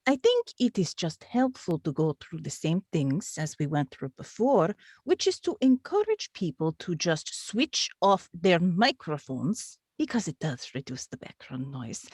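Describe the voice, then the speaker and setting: Una mujer interpreta a una secretaria de consejo parroquial, educada y firme, con un acento ruso exagerado a propósito. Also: female voice, fairly low pitch, a little mellow, slightly rough, no echo, studio quality, exaggerated voice. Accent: deliberately bad Russian accent. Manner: polite, procedural, firm. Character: prim female parish clerk, calm and unyielding. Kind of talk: comic re-enactment.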